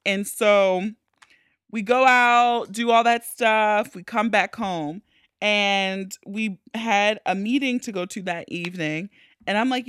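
Lively, bright-voiced woman telling a story. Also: mid-range voice, smooth, dry recording, clean studio sound. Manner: animated, profane, shrieks when acting out panic. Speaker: podcast host. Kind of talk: casual storytelling.

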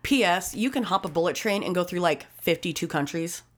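A woman's voice: on the low side, expressive, a little fast. A woman co-hosting a casual chat, telling a story in a blunt, emphatic, profanity-laced way. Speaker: podcast co-host.

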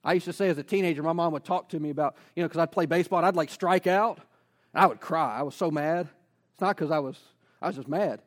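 High-voiced man preaching a sermon. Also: quick pace. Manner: energetic preaching, rhetorical questions, casual asides. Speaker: pastor.

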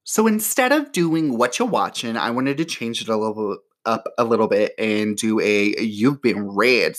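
A man's voice: on the low side, fairly bright tone. Chatty, profane man hosting a podcast. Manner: chatty, profane, many fillers. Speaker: podcast host. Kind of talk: casual solo chat. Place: home near an airport.

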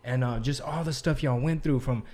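Male podcast host, relaxed and casual, swears freely. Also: mid-range voice. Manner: relaxed, swears, quick backchannels.

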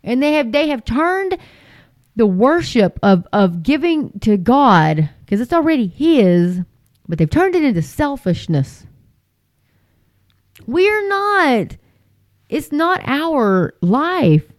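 A woman's voice: high-pitched, sing-song, slow, dry recording. Emphatic woman in religious commentary. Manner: emphatic, repetitive, with frequent fillers. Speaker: Christian commentator.

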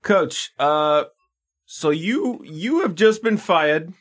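A man's voice: on the high side, expressive, drawn-out words, noisy background, voice pushed up. A man doing a pushy Chicago news reporter. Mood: pestering. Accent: put-on Chicago. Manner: insistent, keeps calling out. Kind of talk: improvised comedy bit.

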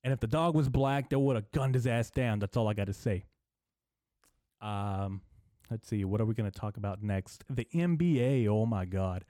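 Young male podcast host, low dark voice, profane rambling deadpan comic. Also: moderate pace, no echo, clean studio sound. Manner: rambling, profane, deadpan delivery with filler words. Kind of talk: casual rambling comedy monologue.

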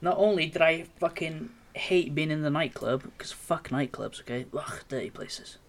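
Sweary, animated bloke. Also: male voice, on the high side, moderate pace. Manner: animated, sweary, self-mocking storyteller. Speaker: podcast co-host. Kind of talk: casual chat, storytelling.

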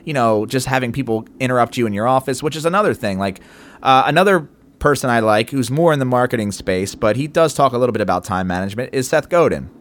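A man's voice: mid-range voice, lively intonation, fast. A man co-hosting a podcast, talking loosely in casual chat, swearing offhand and acting out stories from work. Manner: loose, chatty, swears casually, acts out anecdotes. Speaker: podcast co-host.

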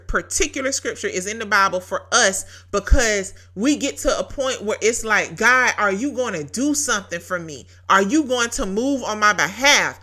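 Bright, animated woman giving a devotional. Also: on the high side. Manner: animated storytelling with frequent laughter; emphatic, repeats key phrases. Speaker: podcast host. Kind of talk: casual devotional talk.

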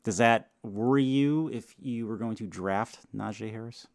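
A man's voice: fairly low pitch, dry recording, studio quality. A man co-hosting a casual football podcast, hesitant and prone to laughing, tired after an illness. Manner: unhurried, laughs often, hesitant. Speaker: podcast co-host. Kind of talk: casual sports chat.

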